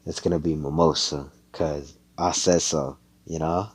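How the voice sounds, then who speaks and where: A man's voice: very deep voice, steady tone, unhurried, slightly rough, low-quality recording. A young man casually telling a fan-made story over voice chat, rambling, swearing and correcting himself. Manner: rambling, profane, self-correcting. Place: home, on a voice chat. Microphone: computer headset mic.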